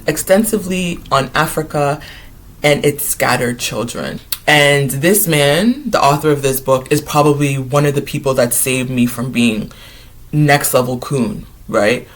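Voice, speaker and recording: Chatty, excitable man with a higher voice. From Ghanaian heritage. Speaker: vlogger. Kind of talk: casual vlog chat.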